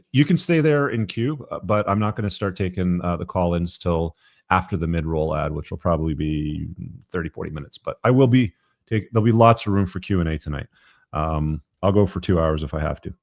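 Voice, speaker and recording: A man's voice: deep voice, no echo, clean studio sound. A man hosting a live podcast show, reading from his book with wry, tongue-in-cheek asides and lots of fillers. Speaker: podcast host.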